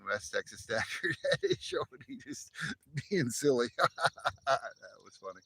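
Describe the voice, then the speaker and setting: Friendly middle-aged guy hosting a morning live chat outside on a phone, laughs a lot, medium pitch. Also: wildly swooping pitch, moderate pace, vocal fry, a bit bright, breathy edge, no echo. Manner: chatty, laughs often, jokey put-on voices. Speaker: livestream host. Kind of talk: casual chat to live viewers. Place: outdoors in morning sun.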